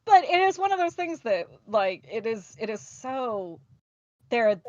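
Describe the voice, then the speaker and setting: A woman's voice: on the high side, measured pace, dry recording, highs cut off. A woman hosting a casual chat, talking frankly and acting out quoted lines with frequent laughs. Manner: lively, frank, laughs often, acts out quotes. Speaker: podcast host.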